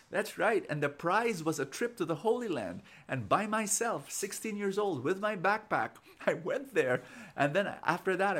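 A man's voice: on the high side, fairly bright tone. A man, preaching an inspirational sermon and telling stories, often repeating words as he starts sentences. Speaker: preacher and show host.

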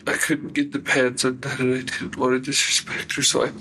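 A young man recounting events in a halting, flat way with many fillers, in a recorded interrogation. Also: mid-range voice, slight background noise, low-quality recording. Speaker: suspect giving a confession.

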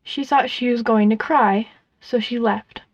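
Expressive woman reading a storybook. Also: a little high, measured pace, dry recording, lo-fi sound. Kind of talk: storybook narration.

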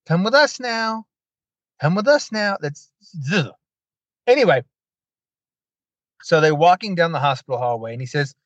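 A man's voice: fairly high pitch, fairly bright tone, no echo. A man hosting a podcast, telling a story in casual chat and acting out the quoted lines, with sarcastic asides. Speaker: podcast host. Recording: dull lo-fi dry sound.

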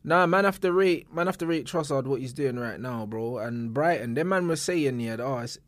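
A man's voice: mid-range voice, fairly quick, no echo. A man, co-hosting a podcast in laid-back, slang-heavy football chat. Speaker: podcast co-host. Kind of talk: casual football banter.

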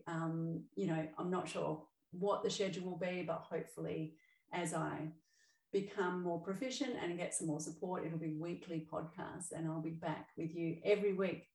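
A woman's voice: on the low side, darkish tone, echoey room, distant mic, rough recording. A middle-aged woman hosting her own podcast as an emotional balance coach, talking in a chatty, upbeat way with fillers and self-corrections. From Australia. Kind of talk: solo podcast monologue.

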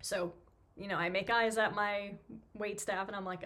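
A woman's voice: medium pitch, steady tone, normal speed, a bit bright. Chatty New woman telling a story. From New York. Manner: chatty, self-deprecating, lots of fillers. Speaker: podcast host, physical therapist. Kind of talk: casual storytelling monologue.

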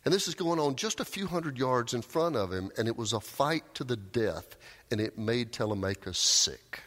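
A man preaching a sermon, telling a story with raised cries and quiet, low emphasis. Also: expressive, moderate pace. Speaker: pastor. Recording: long hall reverb.

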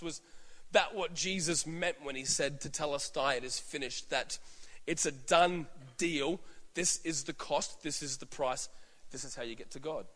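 A man's voice: on the high side, a bit bright. A man with an Australian accent, a pastor preaching a sermon and telling stories, acting out voices and restarting often. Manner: storytelling, acts out voices, many restarts. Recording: echoey hall reverb.

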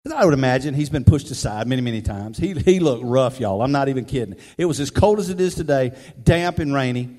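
Male pastor, mid pitch, chatty storytelling sermon, echoing hall. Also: quick pace, few pauses. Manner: conversational, animated storyteller. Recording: reverberant hall, faint music.

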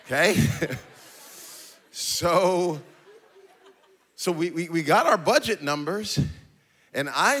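A male pastor preaching a sermon in a sing-song cadence, building to shouts and breaking into jokey asides with laughter. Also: sits high, lively intonation, takes it slowly, pauses often. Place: church stage.

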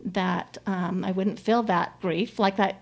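A middle-aged woman telling a personal story as an interview guest, in a heartfelt, halting way with many restarts. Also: medium pitch, fairly even intonation, vocal fry. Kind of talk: conversational interview.

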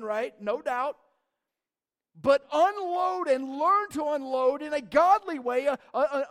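Pastor, male, very high voice, emphatic casual preaching style. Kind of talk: sermon.

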